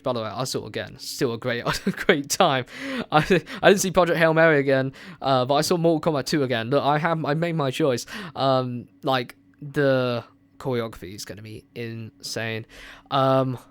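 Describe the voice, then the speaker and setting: A man hosting a movie review radio show, chatting casually and excitedly with lots of filler words. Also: medium pitch, moderate pace, dry recording.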